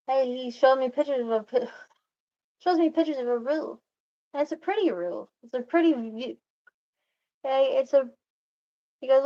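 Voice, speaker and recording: A woman's voice: normal speed, pauses often, highs cut off. Rambling woman telling a story. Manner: meandering, self-interrupting, laughs often, quotes others in a higher voice.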